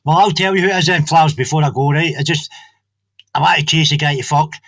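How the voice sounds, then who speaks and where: A man's voice: a little high, fast talker, fairly bright tone, no room sound. A man on a livestream call, blunt and swearing freely. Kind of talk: casual livestream chat. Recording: dull lo-fi call audio.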